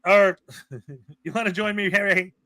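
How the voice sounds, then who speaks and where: A man hosting a casual commentary show over video clips, chatty and quick with asides, laughing often. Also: high voice, fairly bright tone, no room sound. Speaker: show host.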